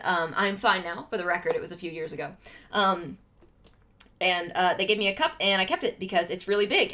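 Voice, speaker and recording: A woman's voice: medium pitch, bright, forceful tone. A young American woman chatting casually with viewers on a livestream, rambling with lots of fillers. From United States.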